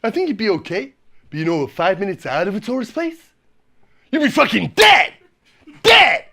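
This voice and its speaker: A man's voice: sits high, very animated, a little fast, a little mellow. A man voicing a crude, swaggering American bus passenger who swears constantly.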